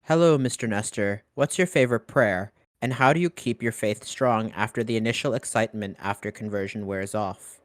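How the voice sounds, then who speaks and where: Low-voiced young man reading questions. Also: normal speed, no echo. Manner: reads questions aloud, then adds brief comments. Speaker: interviewer reading audience questions.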